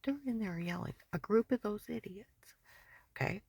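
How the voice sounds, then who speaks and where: A woman telling a rambling personal story in an agitated, repetitive way, often dropping to a breathy whisper. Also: mid-range voice, normal speed, darkish tone, no room sound.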